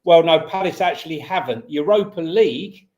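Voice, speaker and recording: A man's voice: on the high side, expressive, moderate pace, darkish tone, muffled recording. A man co-hosting a casual football podcast, talking in an easygoing, laid-back manner. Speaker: podcast co-host. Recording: roomy echoey sound.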